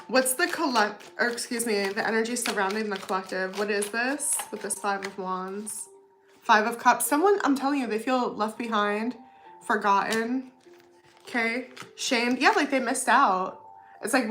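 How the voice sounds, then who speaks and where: Chatty woman tarot reader, high voice. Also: moderate pace, fairly bright tone, slight background noise. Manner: chatty, filler-heavy, says okay and you know often. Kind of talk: casual tarot reading to camera.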